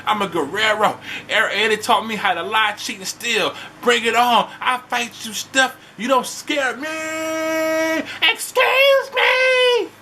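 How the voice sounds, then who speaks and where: Shrill whiny lady manager begging for her job, guy putting it on, jumps high and bright. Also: fairly even intonation, moderate pace, hardly any pauses, a little hiss or hum. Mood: defiant. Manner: high shrieking pleas, shouted defiance.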